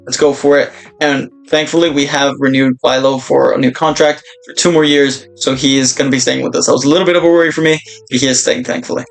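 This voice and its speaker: A young man commentating his own football video game career, breaking into excited shouts at big moments. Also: medium pitch, quick pace, gravelly, hardly any pauses, soft background music. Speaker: gaming YouTuber.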